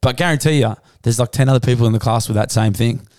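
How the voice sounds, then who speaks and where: Blokey Australian podcast host, dry sound. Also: male voice, medium pitch, fast, darkish tone, no echo. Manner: crude, blokey banter. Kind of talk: casual podcast chat.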